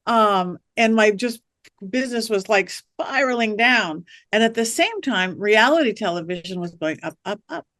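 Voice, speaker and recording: A woman spinning animated anecdotes in a podcast interview, jumping into the voices of the people in her stories. Her pitch sits mid-range, and the recording is close and dry with no room sound. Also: moderate pace, dry recording. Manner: animated storyteller acting out quoted voices. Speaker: guest, witch and psychic medium. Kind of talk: storytelling interview chat.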